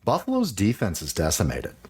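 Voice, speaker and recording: A man hosting a fantasy football podcast, talking in animated, rambling casual chat with the odd swear. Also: on the low side, a little fast, slightly rough.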